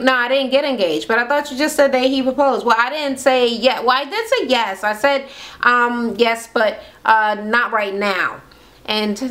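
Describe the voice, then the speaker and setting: A woman's voice: on the high side, fairly bright tone. Profane chatty woman recapping reality TV. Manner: profane, acts out quotes in varied voices. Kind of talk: casual recap rant. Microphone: camera mic.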